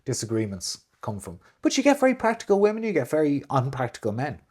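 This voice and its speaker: Animated man, lively voice. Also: fast talker, slightly rough. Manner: animated, swings into big high voices when quoting people. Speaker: co-host. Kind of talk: casual chat.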